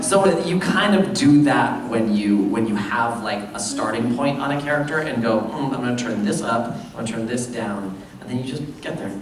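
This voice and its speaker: A voice actor holds forth on a convention panel, rambling and self-deprecating with frequent laughs. The sound bounces around a big hall and the mic sits well away from him, with room ambience underneath. His pitch sits in an ordinary middle range. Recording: echoey hall, distant mic.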